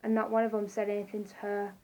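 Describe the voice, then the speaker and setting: A woman's voice: mid-range voice, completely flat delivery, fast, mellow. A young woman telling a long personal story in a casual vlog, rambling and repeating herself with lots of fillers. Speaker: vlogger.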